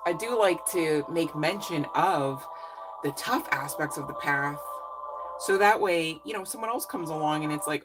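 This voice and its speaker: Low-voiced effusive woman reader. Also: moderate pace, background noise. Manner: effusive, encouraging, chatty with many fillers. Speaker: psychic reader. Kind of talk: casual live reading chat.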